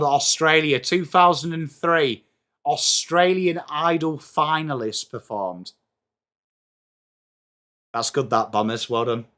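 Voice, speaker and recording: A young English man hosts a live sports watchalong as a livestream host, chatting self-mockingly with his viewers and reading trivia aloud. His voice is fairly high-pitched, bright, and forceful.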